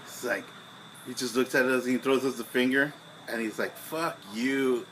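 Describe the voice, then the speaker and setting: A young man, co-hosting a casual podcast over beers, telling a profane story and acting out his own angry shouting. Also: medium pitch, steady tone, brisk, slight background noise, low-quality recording. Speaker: podcast co-host.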